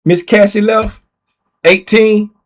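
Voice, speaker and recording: A man with a notably high voice chats loosely on a livestream. He reads viewers' names and questions out loud, often saying things twice. He teases the audience in a relaxed, offhand way. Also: takes it slowly. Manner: reads viewer names aloud and repeats himself while typing; playful, teasing. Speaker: livestream host running a giveaway. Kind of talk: casual livestream chat.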